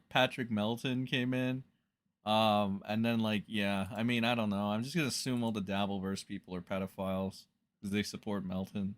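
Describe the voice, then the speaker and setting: A man's voice: medium pitch, fairly bright tone. A man ranting profanely on a casual livestream, with loose fillers.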